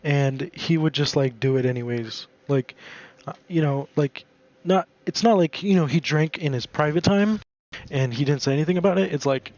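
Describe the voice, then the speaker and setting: A man's voice: fairly high pitch, normal speed, a little mellow. A man telling a personal story while gaming, rambling and profane, with lots of "like" fillers.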